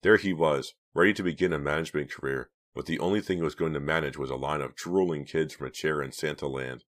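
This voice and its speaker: Man, very deep voice, audiobook narrator, steady measured reading.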